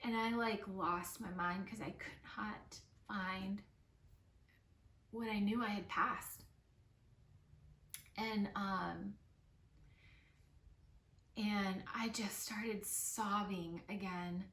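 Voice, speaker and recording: A young woman vlogger telling a personal story in a soft, tearful voice, with lots of filler words. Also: mid-range voice, fairly even intonation, drawn-out words, long pauses. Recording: roomy, slightly distant mic with soft music.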